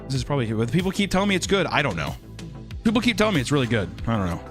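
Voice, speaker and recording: A man's voice: fairly high pitch, wildly swooping pitch, rapid-fire, faint music behind. A man chatting casually on a live stream while drawing, rambling and joking with crude humor.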